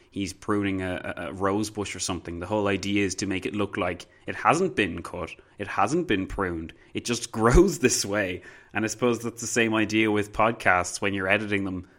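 A man's voice: deep voice, fairly bright tone. A man giving casual, sarcastic and self-mocking commentary on his own podcast. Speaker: podcast host.

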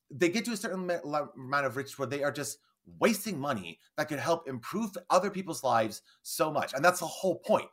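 Male podcast co-host, mid-pitched, casual and rambling, swears a lot. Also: fairly bright tone. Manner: rambling, swears freely, acts out quotes. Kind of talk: casual film discussion.

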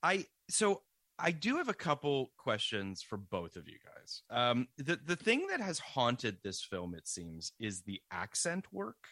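A man co-hosting a podcast, steering the talk with questions, halting now and then with fillers. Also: mid-range voice, wildly swooping pitch, pushed and bright. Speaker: podcast co-host. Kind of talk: casual podcast chat.

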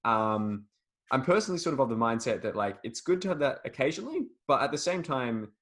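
A man's voice: fairly low pitch, fairly bright tone. A man co-hosting a podcast about writing, chatting casually with frequent fillers and laughs. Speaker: podcast co-host.

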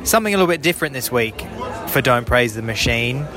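A Canadian man hosting a podcast, chatting casually and telling a travel story with lively impressions. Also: mid-range voice, fast, crowd noise. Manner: animated storyteller, mimics voices. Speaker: podcast host.

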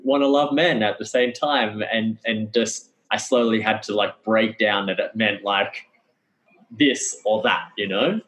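A man's voice: lowish voice, a little slow, fairly bright tone, poor audio. A man as a podcast guest, talking in a rambling casual way with many fillers. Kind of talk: casual chat.

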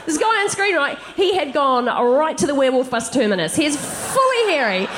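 A woman comedian doing live stand-up storytelling, her high voice leaping all over the place as she laughs through each anecdote. The theatre stage carries clear background noise behind her. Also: sing-song, a little fast, fairly bright tone. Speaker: comedian and co-host.

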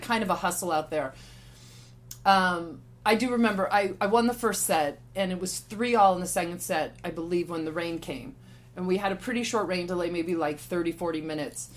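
A woman in her forties tells a story on a podcast, casual and animated. She acts out other people's lines as she goes. Her voice sits somewhat low for a woman. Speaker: podcast guest.

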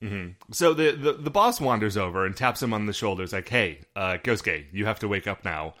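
A man's voice: fairly low pitch, animated, a little fast, a bit bright. A man co-hosting a casual podcast, narrating episode scenes and quoting characters. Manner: storytelling, narrates scenes with quoted lines. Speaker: podcast co-host. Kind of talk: casual chat recapping a show.

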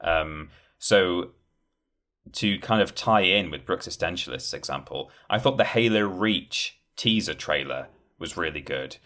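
A man's voice: low voice, expressive, unhurried, sharp tone. A man in casual podcast chat, rambling with many fillers and acting out quoted lines. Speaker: podcast guest discussing game trailers.

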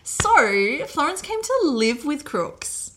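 A woman's voice: high voice, sing-song, slow, fairly bright tone. A woman co-hosting a casual podcast, telling a history story in a chatty way and laughing often. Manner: chatty, laughs often, puts on mock voices. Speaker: podcast co-host.

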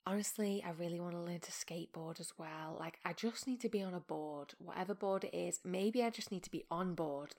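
A woman in her thirties hosting a podcast, talking in a soft, often half-whispered, self-mocking monologue. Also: medium pitch. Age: 30s. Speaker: podcast host.

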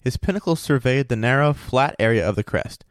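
A man reads a story aloud, steady and even. His voice sits in a middle pitch. The sound is dry and close. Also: a little fast, clean tone, no echo. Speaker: story reader and host. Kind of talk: reading a story aloud, then casual chat.

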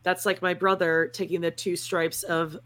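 Lower-voiced woman with dry asides. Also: flat delivery, normal speed, fairly bright tone, slight background noise. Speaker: co-host of a TV recap show. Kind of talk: casual snarky recap chat.

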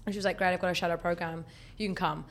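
Animated Australian young woman telling a story. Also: rapid-fire, a little hiss or hum. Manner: animated storyteller, acts out quotes with high squeals. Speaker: guest. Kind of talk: casual chat.

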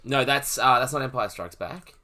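Bright-voiced man in easy chat. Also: medium pitch, moderate pace. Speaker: podcast co-host. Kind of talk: casual chat. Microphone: on a call with noise suppression off.

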